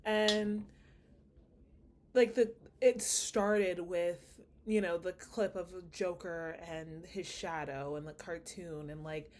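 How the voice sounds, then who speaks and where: A woman with a slight Nigerian accent talks to her viewers in a loose, reflective vlog. Her voice sits a little low, and she wanders through her thoughts with plenty of fillers and restarts. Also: a little mellow, slight background noise. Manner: rambling, thinking aloud with many fillers. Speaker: vlogger. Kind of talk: casual reflective monologue.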